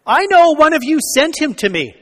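A man acting out the quoted words of a rough, hostile man who has turned believer, loud and raised when agitated. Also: extremely high pitch, sing-song, normal speed, voice pushed up. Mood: abrasive. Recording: long reverb of a church hall.

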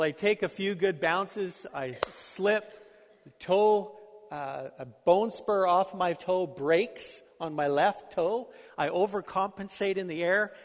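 A middle-aged male pastor preaching a sermon in a conversational, storytelling way, self-deprecating about his own life. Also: fairly high pitch. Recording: long hall reverb.

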